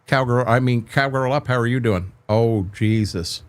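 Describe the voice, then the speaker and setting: An older man talks to his livestream viewers from a home gaming desk, his voice at an ordinary middle pitch. He rambles and restarts his words often. He greets chatters by name, close to the microphone. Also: normal speed, smooth. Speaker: game streamer. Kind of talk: casual livestream chat with viewers.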